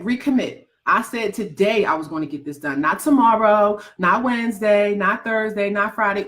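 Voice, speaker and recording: Brief: woman coach, animated and teasing, preachy motivational talk with loud rhetorical questions. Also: medium pitch, moderate pace, few pauses. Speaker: writing and goals coach.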